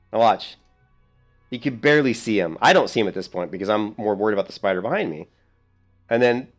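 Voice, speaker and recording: A man in his thirties, a streamer telling a rambling, animated story in casual gameplay commentary. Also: medium pitch.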